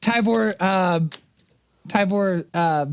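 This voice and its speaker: A man's voice: high voice, slow, slight background noise. A man playing a tabletop game, talking hesitantly, stumbling over his words and swearing often. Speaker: player. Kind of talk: casual tabletop play. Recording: dry, dull lo-fi mic.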